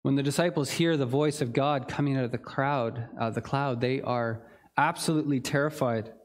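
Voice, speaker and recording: Speaking at a moderate pace, a male pastor gives an earnest, reflective sermon in a mid-range voice. He talks through the text with the occasional filler and restart.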